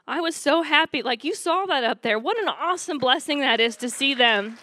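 Bright-voiced woman giving church testimony. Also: sits high, lively intonation, brisk, a little hiss or hum. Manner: chatty, upbeat, laughs while telling stories. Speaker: youth leader giving testimony.

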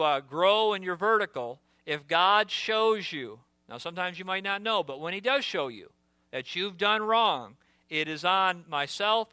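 A man preaching a sermon as pastor, earnest and direct, sometimes dropping to a hushed voice for storytelling asides. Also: sits high, clean tone, no echo.

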